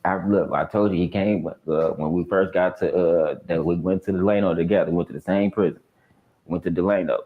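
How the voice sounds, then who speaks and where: A man's voice: deep voice, steady tone, brisk, phone-quality sound. A man telling a story in casual slang, acting out other people's lines. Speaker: guest telling a prison story.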